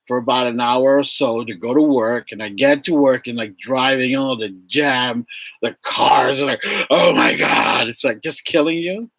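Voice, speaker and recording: A man chatting casually on a live stream about teaching English in Japan, acting out classroom exchanges in lively bursts. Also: no room sound. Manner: animated, acts out classroom exchanges with big pitch jumps.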